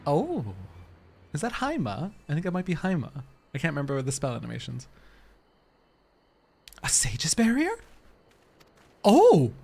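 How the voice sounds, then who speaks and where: A man's voice: on the high side, huge pitch swings, measured pace, gravelly, long pauses, darkish tone. A man live-streaming a game, chatting to his viewers in a giggly, rambling way. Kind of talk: casual live-stream chat while gaming.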